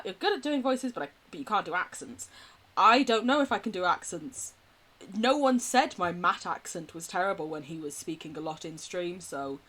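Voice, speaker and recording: A woman's voice: fairly low pitch, fairly bright tone. A young adult woman streaming a game, chatting casually in a bubbly way and laughing often. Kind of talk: casual gameplay commentary.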